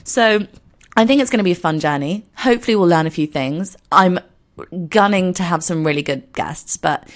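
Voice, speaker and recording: A woman in her twenties with a croaky voice, hosting her podcast in a chatty, self-deprecating, rambling way. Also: on the low side, normal speed. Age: 20s. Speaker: podcast host. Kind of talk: casual solo podcast intro.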